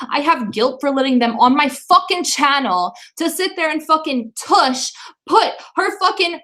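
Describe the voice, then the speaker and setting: A woman's voice: high voice, fairly bright tone, rough recording. A woman hosting a livestream, talking in an upset, profane, apologetic way. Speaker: stream host. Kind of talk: emotional livestream talk.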